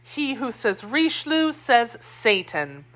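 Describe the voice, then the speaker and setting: A woman's voice: fairly high pitch, sing-song, slow pace, a bit bright, pitched above the performer's own voice, full character voice. A woman voicing a spirited young wife loyal to her queen, indignant and scornful, in an audiobook reading.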